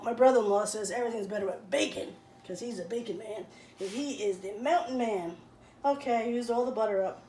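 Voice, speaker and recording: A woman chatting playfully as she cooks in a home kitchen, filling pauses with little nonsense sounds. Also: a little high, darkish tone, far from the mic, a little hiss or hum. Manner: chatty, playful, fills gaps with blah blah and la la. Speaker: home cook. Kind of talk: casual cooking vlog. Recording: roomy sound from off the mic, faint ambience.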